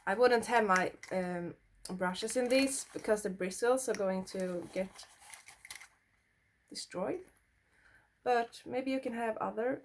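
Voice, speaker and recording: Slow-talking Swedish-accented woman. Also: fairly high pitch, creaky, slight background noise. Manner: blunt, swears freely, chatty. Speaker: beauty vlogger. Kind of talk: casual makeup tutorial chat.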